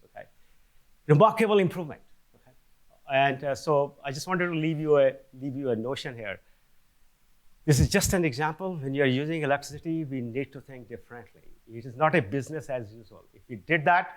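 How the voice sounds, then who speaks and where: Older male lecturer, chatty academic delivery, checks in with the room often. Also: on the high side. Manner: conversational, frequent "okay?" check-ins with restarts. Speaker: seminar speaker. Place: lecture hall.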